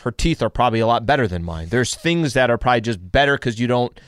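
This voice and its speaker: A man's voice: mid-range voice, expressive, quick pace, fairly bright tone, smooth, no room sound. A man hosting a sports radio show, chatting loosely with his co-hosts. His voice sits in a middling register and sounds close and dry on the studio microphone. He laughs easily and restarts sentences as he goes. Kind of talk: casual studio banter.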